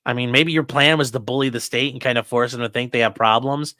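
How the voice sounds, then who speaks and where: A man's voice: medium pitch, fairly even intonation, quick pace, pushed and bright, no room sound, clean studio sound. A man hosting live legal commentary, talking bluntly and with lots of swearing. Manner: blunt, profane, exasperated. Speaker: lawyer and commentary host.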